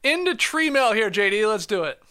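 A man hosting a casual podcast, laughing often and talking quickly. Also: high voice, very animated. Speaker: podcast host.

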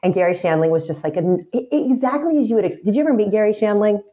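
A woman who acts, talking as a guest in a casual chat, chatty and quick to laugh. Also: mid-range voice, expressive, warm tone, slight background noise. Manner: chatty and laughing, rambling with restarts. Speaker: guest actor.

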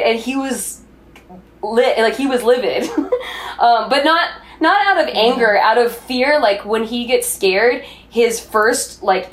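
A young adult woman co-hosting a podcast, telling a candid story in casual chat and swearing freely. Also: medium pitch. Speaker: podcast co-host.

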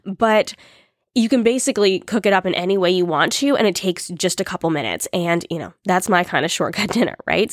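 A woman's voice: fairly low pitch, dry recording, clean studio sound. A woman hosting a casual solo podcast, chatty and upbeat with small laughs, in her morning voice. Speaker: podcast host.

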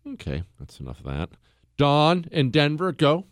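A man hosts a call-in radio show from a studio, chatting with quick jokes and chuckles. His pitch swings widely as he talks. The sound is close and dry, with no room echo. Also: huge pitch swings. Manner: joking, chuckles often, quick asides. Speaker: talk radio host. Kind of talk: casual talk radio chat.

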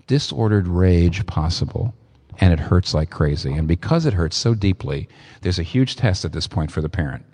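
A man preaching a sermon, emphatic and expressive, with sudden leaps in pitch for emphasis. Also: in a large hall. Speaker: pastor.

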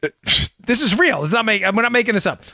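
A man hosting a political talk show, giving opinionated commentary full of sarcasm and mocking quotes, rising to loud outbursts and dropping to low asides. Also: lively intonation, quick pace, dry recording, clean studio sound.

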